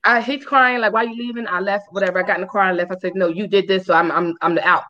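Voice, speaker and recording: The sound is lo-fi, and the woman talks rapidly. She co-hosts a podcast, telling a story with lively profanity and performing people's lines as high-pitched squeals.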